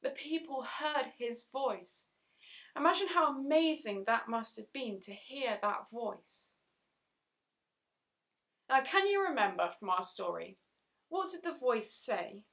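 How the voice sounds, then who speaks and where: A woman with a fairly high voice leads a children's Bible story talk. She speaks slowly and clearly, often pausing to ask her young listeners questions. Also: sing-song, fairly bright tone. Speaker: children's talk leader at church.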